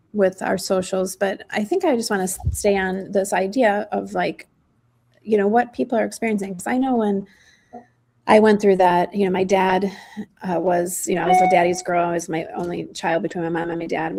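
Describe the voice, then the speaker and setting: A woman's voice: medium pitch, gravelly, darkish tone. A woman co-hosting a talk show in a studio, chatting casually and loosely with many fillers. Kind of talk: casual chat.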